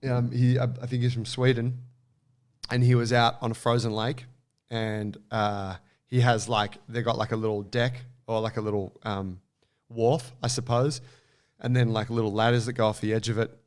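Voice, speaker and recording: A man co-hosting a podcast, telling a story in an animated, casual way with lots of fillers and some swearing. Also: mid-range voice, moderate pace. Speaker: podcast co-host.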